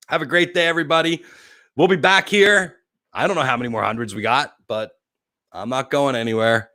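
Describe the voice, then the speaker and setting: A man's voice: medium pitch, brisk, sharp tone, no room sound. A middle-aged man hosting his own livestream show, talking in a rambling, heartfelt and openly emotional way. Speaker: host.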